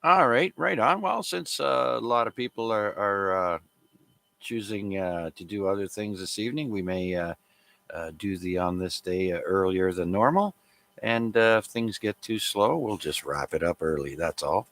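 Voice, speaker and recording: Low-voiced man running a radio net. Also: normal speed, vocal fry. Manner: relaxed, chatty, many fillers. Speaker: amateur radio net controller. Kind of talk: casual radio net hosting.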